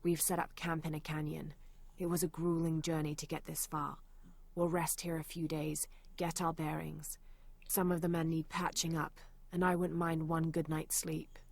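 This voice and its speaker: An actress voicing a female adventurer in a video game, reading old journal entries aloud in a measured, serious way. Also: sits low, little pitch movement, creaky, no echo. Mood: grim.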